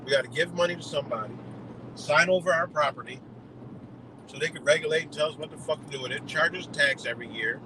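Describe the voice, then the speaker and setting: A man's voice: a little high, quick pace, background noise. A man on a live stream delivering a heated, profane rant full of rhetorical questions. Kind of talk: ranting monologue.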